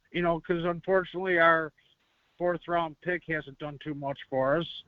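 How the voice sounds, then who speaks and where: A man from Buffalo, New York, phones in to a fan show. His voice is a bit high and friendly, and he laughs often. The line sounds muffled and dry. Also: level tone, measured pace, no room sound. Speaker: caller. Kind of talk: phone-in chat.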